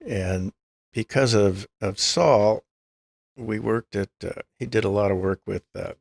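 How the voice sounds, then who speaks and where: In a dry recording, an older man with a lowish, gravelly voice speaks unhurriedly. Appearing as a guest in a storytelling interview, he relates long anecdotes and acts out what the people in them said.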